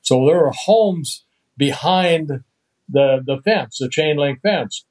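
An older man from the Netherlands, a guest in a podcast interview, telling chatty, lively anecdotes and chuckling between them. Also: a little high, slow, rough recording. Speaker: guest, retired pitcher.

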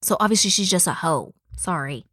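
A woman co-hosting a true crime podcast in casual chat, animated and laughing, swearing often. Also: lowish voice, a little fast, no room sound, clean studio sound. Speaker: podcast co-host.

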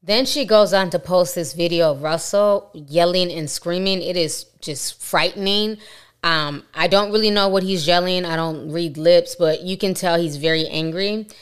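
A woman hosting a celebrity gossip commentary, retelling events and reading posts aloud in a measured, matter-of-fact way. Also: lowish voice, clean tone. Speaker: commentary channel host.

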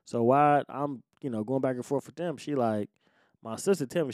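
A man hosting his own show, telling a story from his life in casual, profane street slang and swinging from low muttering to loud outbursts. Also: normal speed, no room sound, clean studio sound. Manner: profane street slang, acts out quoted voices.

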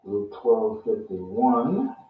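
A man hosts his own show and teaches on scripture in an unhurried, deliberate way, going back over phrases to drive them home. His voice rings around a very reverberant room, and the sound is dull and muffled. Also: fairly low pitch, very animated, distant mic. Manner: slow, deliberate, repeats phrases for emphasis. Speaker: host and Bible teacher. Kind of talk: casual Bible teaching.

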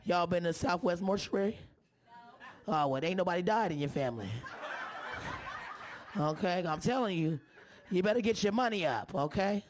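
A hoarse-voiced woman working a stand-up crowd, brash and foul-mouthed, constantly ribbing the people in front of her. Her delivery is loud and loose. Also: fairly low pitch, lively intonation, moderate pace, long pauses. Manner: brash, profane, teasing the audience. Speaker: stand-up comedian. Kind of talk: live stand-up set.

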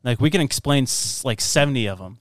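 A man's voice: medium pitch, lively intonation, fairly quick, no room sound, studio quality. A man co-hosting a podcast, chatting casually and joking around. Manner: joking, playful. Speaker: podcast co-host. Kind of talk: casual chat.

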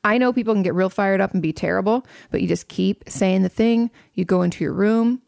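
Blunt, gravelly-voiced woman giving advice. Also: medium pitch, fairly quick, hardly any pauses, darkish tone, no echo, clean studio sound. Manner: blunt and candid, swears freely. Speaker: therapist host answering audience questions. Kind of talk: casual advice talk.

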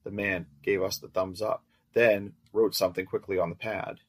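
A man reading a first-person story aloud as narrator in a steady, measured way. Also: sits low.

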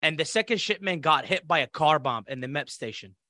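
Fairly high-pitched and fairly quick, a man from Iraq shares a story as a podcast interview guest in casual conversation. He's animated, acting out others' voices, and the studio-quality recording has no room sound.

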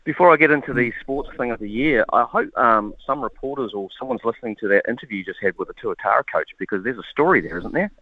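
A man calling in to a radio show, eager and quick to talk. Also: medium pitch. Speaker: radio caller. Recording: dry, tinny phone line.

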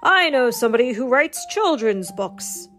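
A woman's voice: on the high side, sing-song, normal speed, fairly bright tone, soft background music. A woman doing a hearty, helpful grown man.

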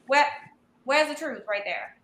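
A woman on a review panel who questions the story point by point in a rapid, pointed way. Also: high-pitched, a bit bright. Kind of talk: casual panel discussion. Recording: roomy echo.

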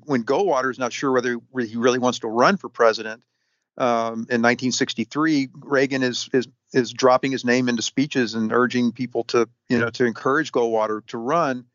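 A man answering interview questions at length, halting often with fillers and restarts. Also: mid-range voice, a bit bright, no echo. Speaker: historian guest. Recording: dull, lo-fi sound.

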